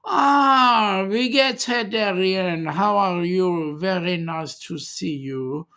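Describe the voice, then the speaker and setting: A livestream host putting on a mock German accent as a jolly, formal visitor, slow and halting with fillers. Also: medium pitch, sharp tone, clean tone. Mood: jovial. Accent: German put-on. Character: cheery German-accented guest character. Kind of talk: comic put-on accent in livestream chat.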